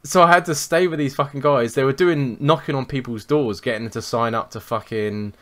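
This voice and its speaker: A young man, co-hosting a podcast and telling sweary, animated anecdotes in casual chat. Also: medium pitch, a little fast. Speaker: podcast co-host.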